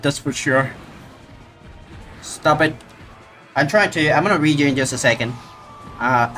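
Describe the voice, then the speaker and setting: Excitable man streaming a game. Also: fairly high pitch. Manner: excitable, talks to the monster. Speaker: gaming streamer. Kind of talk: live gameplay commentary.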